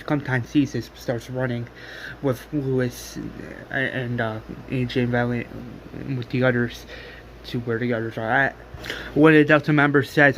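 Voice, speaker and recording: A man's voice: medium pitch, a bit bright, slight background noise. A man casually recapping a story scene by scene, rambling with many fillers and restarts. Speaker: fan retelling a story.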